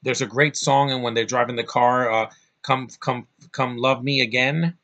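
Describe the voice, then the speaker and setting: A man rambles straight to camera in a loose movie-review vlog, swearing freely and getting fired up. His voice is bright and forward, medium-pitched with a steady tone and normal speed, and the recording sounds muffled.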